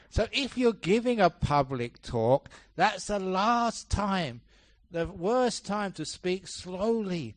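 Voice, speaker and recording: A man, a Buddhist monk, giving a dharma talk at a retreat, telling stories with lots of changes in pitch and pace and laughing often. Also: slow, dry recording. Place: temple hall, live talk.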